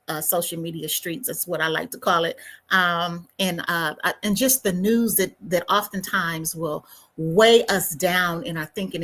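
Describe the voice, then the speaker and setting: Chatty woman hosting a livestream. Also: fairly low pitch. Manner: chatty, warm asides, mutters to herself while fiddling with settings. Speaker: livestream host. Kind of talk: casual livestream talk to viewers.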